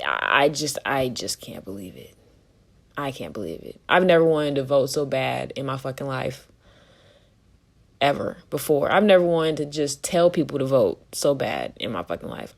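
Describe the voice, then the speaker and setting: A woman co-hosting a podcast, talking candidly and with plenty of swearing, exasperated and laughing often. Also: sits low. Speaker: podcast co-host. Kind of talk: casual opinion chat.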